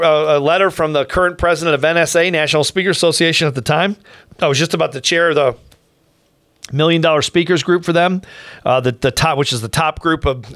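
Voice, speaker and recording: A man's voice: a little high, dry recording. A middle-aged man, a professional speaker hosting a podcast, telling a long story in a casual, rambling way with restarts and asides. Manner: rambling, many restarts and asides, animated quotes.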